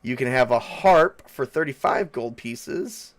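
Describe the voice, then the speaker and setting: A man's voice: mid-range voice, animated, measured pace. A man running a tabletop game as game master, talking loosely with many fillers and restarts.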